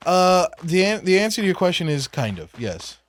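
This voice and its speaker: A man's voice: sits high, very animated, moderate pace. A man co-hosting a let's play, firing off teasing questions in casual chat.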